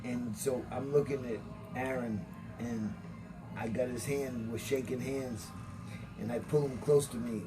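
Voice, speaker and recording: A man's voice: medium pitch, fairly even intonation, measured pace, music in the background, poor audio. A man, a former boxer, telling stories as a podcast guest, acting out quoted lines and swearing freely. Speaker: guest, former boxing champion. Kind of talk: casual storytelling chat.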